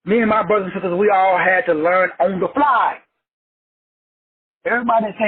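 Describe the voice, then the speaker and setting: Husky high-voiced man preaching over a call. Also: a little fast, long pauses. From Texas. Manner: emphatic, repetitive, slangy and profane. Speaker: teacher leading an online call. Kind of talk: preachy motivational teaching. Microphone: online call. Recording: phone-like lo-fi audio.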